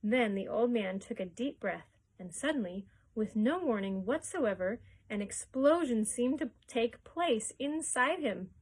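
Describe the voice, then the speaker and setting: A woman reads a children's chapter book aloud for library story time. Her fairly high voice is expressive and lively, and she chuckles along with the story. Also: unhurried, hardly any pauses, husky.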